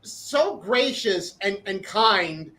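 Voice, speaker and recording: A man co-hosts a relaxed talk show over a video call, winding through an anecdote with fillers and restarts. His voice sits high and sounds bright and forward. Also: drawn-out words, rough recording. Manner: rambling with many fillers. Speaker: co-host. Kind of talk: casual video-call chat.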